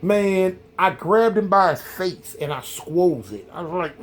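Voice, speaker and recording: A middle-aged man hosting a vlog, telling a story in a casual, rambling, animated way, full of "man" and "y'all". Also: high-pitched, unhurried, a little hiss or hum. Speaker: vlog host.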